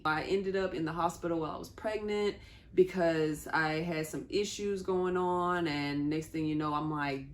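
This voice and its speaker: A woman's voice: low voice, fairly even intonation, moderate pace. A young woman telling a personal story in a candid, conversational way, with small laughs between sentences. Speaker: vlogger.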